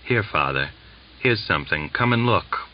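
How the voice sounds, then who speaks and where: A man voicing a lusty, defiant young Cossack wife who goes from sly whispers to shrill scolding. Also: animated, normal speed, dull audio.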